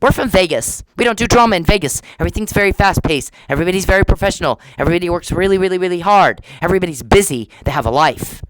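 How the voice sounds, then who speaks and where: A woman's voice: lowish voice, expressive, very fast, hardly any pauses, no echo, rough recording. Woman ranting in an accusing monologue. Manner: accusing, repetitive, confrontational. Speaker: podcaster. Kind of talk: angry monologue aimed at an absent person.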